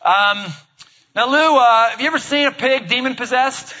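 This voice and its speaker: A man's voice: very high-pitched, normal speed, pushed and bright, lo-fi sound. A man preaching a sermon from a church stage, joking with the congregation in a casual, conversational way. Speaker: pastor.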